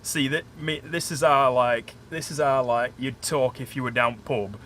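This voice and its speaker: A man's voice: mid-range voice, fairly even intonation, normal speed, fairly bright tone. Chatty South Yorkshire man streaming a board game. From small town outside Sheffield, England. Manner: chatty, rambling, thinks aloud, talks to viewers. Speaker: live streamer playing a solo board game. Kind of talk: casual live-stream chat explaining rules. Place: indoors at home, curtained room. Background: faint boiler noise.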